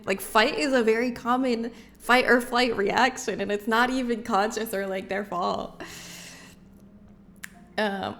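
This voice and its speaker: A woman streamer chatting casually with her live chat, bubbly and quick to laugh. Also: fairly high pitch, a bit bright.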